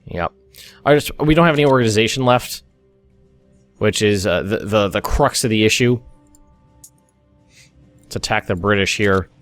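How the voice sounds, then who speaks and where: An American young man hosts a let's play, thinking aloud through a strategy game in casual commentary full of restarts and asides. His voice sits fairly low and moves at a normal speed with frequent pauses. The recording is dry, with faint music in the background.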